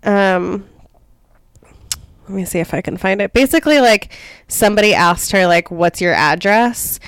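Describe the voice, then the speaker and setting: A woman's voice: mid-range voice, normal speed, smooth, no echo. A woman co-hosting a comedy podcast, telling a history story in casual chat, full of "like" and "um". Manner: chatty storytelling with lots of "like" and "um". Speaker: podcast co-host.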